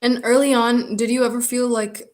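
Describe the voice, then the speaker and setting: A woman's voice: a little high, little pitch movement, normal speed. A woman hosting an interview, asking questions and giving short supportive replies. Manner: brief supportive backchannels. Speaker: podcast host.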